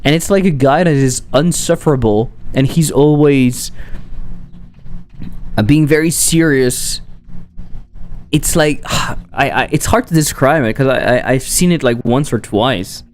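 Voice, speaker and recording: A man's voice: medium pitch, a little slow. A man chatting casually on a live stream while coding, rambling, swearing and breaking off mid-sentence. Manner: rambling, swearing, self-interrupting. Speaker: streamer and game developer.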